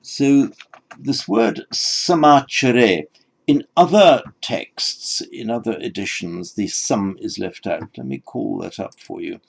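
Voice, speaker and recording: A man's voice: fairly low pitch, slow, creaky, slightly rough. A man lecturing on the meaning of old scripture, explaining word by word in a thoughtful way with frequent restarts. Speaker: teacher. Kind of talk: textual lecture on Pali scripture.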